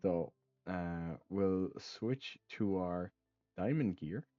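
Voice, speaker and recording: Young male let's-play host, low-pitched, hesitant and offhand, dry muffled home mic. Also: very slow, warm tone, dry recording, faint music behind. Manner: rambling, many ums and uhs; casual, swears offhandedly. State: hiccups. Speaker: gaming channel host. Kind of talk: casual let's play commentary.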